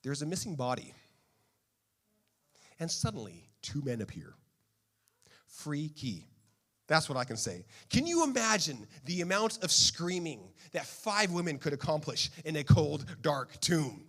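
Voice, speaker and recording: Animated, playful male preacher. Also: on the high side, measured pace. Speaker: pastor. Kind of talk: sermon.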